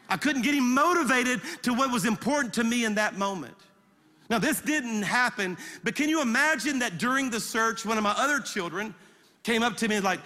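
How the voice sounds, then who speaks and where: Brief: male pastor, high bright voice, emphatic storytelling sermon, long hall reverb. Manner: animated, emphatic storytelling with rapid repetitions. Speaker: guest pastor.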